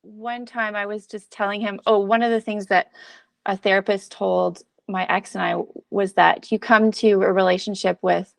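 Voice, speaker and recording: A woman's voice: mid-range voice, little pitch movement, moderate pace, creaky, no room sound. A woman guest in a casual conversation, speaking earnestly and rambling with frequent fillers.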